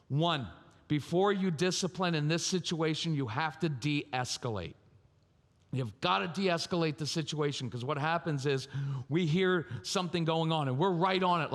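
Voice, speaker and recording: A man giving a parenting talk at a live conference, animated and theatrical, acting out scenes and quizzing the audience. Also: a little high. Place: large church conference hall. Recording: long hall reverb from a live venue.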